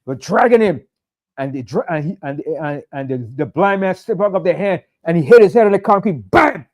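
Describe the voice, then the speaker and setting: A man with a high-pitched voice preaches a sabbath sermon. He talks in a fiery, conversational way and hammers his points home by repeating them. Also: fairly quick, a little mellow. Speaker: pastor.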